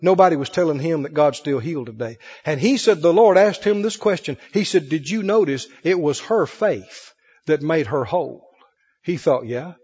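A male pastor preaching with a fairly high, husky voice, drawing his listeners into call-and-response. His words ring out with long reverb across a large hall, and the broadcast sound is dull and lo-fi. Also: a little mellow. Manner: preaching with call-and-response, dramatic pauses and acted quotes. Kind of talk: sermon. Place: church service with a congregation.

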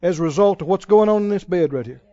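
Slow, high-pitched male preacher, dramatic booming-to-hushed delivery, dull dry recording. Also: no echo. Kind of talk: sermon.

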